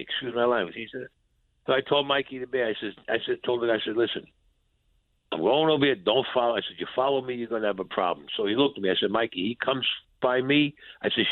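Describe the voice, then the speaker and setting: A man's voice: mid-range voice, quick pace, no echo. A man telling a story in an interview, acting out both sides of old conversations in blunt, profane street talk. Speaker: guest, former mob enforcer. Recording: tinny phone line.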